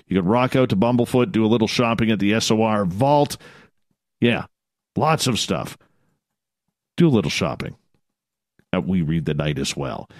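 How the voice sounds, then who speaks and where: A man with a Canadian accent hosting a live radio talk show, with lively, joking announcer patter. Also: fairly low pitch, no room sound.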